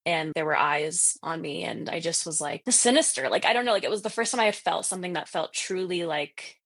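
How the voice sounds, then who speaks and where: Low-voiced chatty woman telling a ghost story. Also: lively intonation, a little fast, a bit bright, no room sound. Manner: chatty, heavy on "like" fillers; acts out quoted voices with pitch jumps. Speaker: podcast guest telling ghost stories. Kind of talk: casual storytelling.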